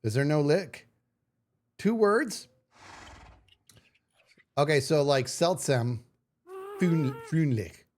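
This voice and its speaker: A man's voice: on the high side, expressive, slow pace, pauses often, darkish tone. A man streaming live, chatting casually with his viewers in a playful, self-mocking way. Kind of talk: casual livestream chat.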